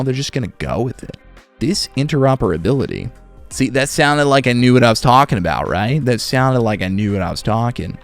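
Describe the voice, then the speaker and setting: A man who narrates audiobooks, chatting casually on a livestream in a relaxed, rambling way and reading chat questions aloud. His voice is a little sore. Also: mid-range voice. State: slightly sore voice.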